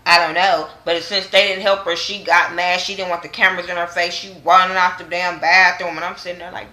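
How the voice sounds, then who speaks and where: A young woman talking straight to camera in a bright, forceful voice, recapping a reality show with sass and plenty of swearing. She sits fairly low in pitch and sounds like she's in an echoey room. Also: level tone, fast talker, few pauses. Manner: blunt and sassy, acts out quotes. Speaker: vlogger reviewing a reality show. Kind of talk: casual, profane recap.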